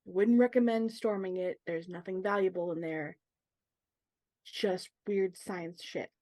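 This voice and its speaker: Slow, hesitant woman playing a character. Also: on the low side, fairly even intonation, warm tone, dry recording. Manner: halting, searching for words with many fillers. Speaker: player. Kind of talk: in-character tabletop role-play.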